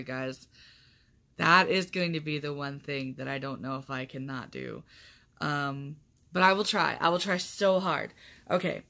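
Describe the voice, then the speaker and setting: A young woman with a low voice chats casually to her camera. She rambles, fills her sentences with ums and likes, and laughs often as she talks. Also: a bit bright. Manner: chatty, rambling, laughs often, lots of fillers. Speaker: vlogger.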